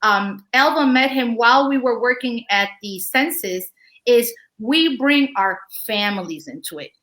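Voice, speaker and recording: Bright, earnest woman on a video call. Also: a little high, animated, unhurried. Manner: earnest, passionate storytelling. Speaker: panel guest speaker. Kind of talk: casual panel talk.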